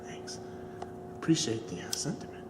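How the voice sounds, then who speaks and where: A man's voice: moderate pace, a little mellow, whispered, natural voice. A man voicing a laid-back male skater-bro ghost who drawls and keeps saying "bro". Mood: mellow slacker. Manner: drawling, says "bro" constantly. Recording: echoey hall with faint noise.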